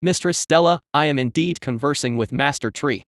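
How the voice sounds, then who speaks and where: A man's voice: fairly high pitch, moderate pace, no room sound, studio quality, close to an everyday voice. A man voicing a huge male spider who speaks in stiff, pompous, formal phrases. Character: giant spider king, male, formal and servile.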